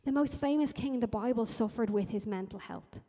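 A woman's voice: fairly high pitch, fairly quick, dark tone, big-room sound. A woman preaching a sermon in an emphatic, repetitive style that builds in intensity.

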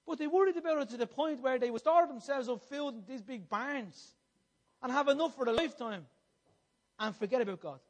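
Talking a little fast, a strikingly high-voiced male preacher pushes his point in a passionate sermon, repeating phrases and questioning his audience as he goes.

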